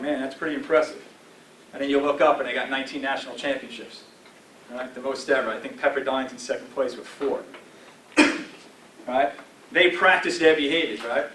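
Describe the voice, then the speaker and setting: A man's voice: mid-range voice, bright, forceful tone, recorded from a distance, a little hiss or hum. A man in his forties giving a motivational talk to a football team in a coaching tone, checking in often with "all right?". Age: 40s. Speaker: guest speaker addressing a football team. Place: team meeting room. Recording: roomy echo from afar with faint ambience.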